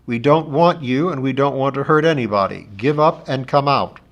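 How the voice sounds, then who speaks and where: A man voicing a commanding male officer who booms orders from a ship in a loud, authoritative way. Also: normal speed, dull audio, lightly acted.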